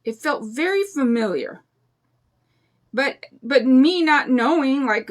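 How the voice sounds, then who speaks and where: Fifties woman craft vlogger, confiding, chatty, a bit high-pitched. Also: lively intonation, slow pace. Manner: rambling, confiding, emotional storytelling. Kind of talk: casual chat while painting.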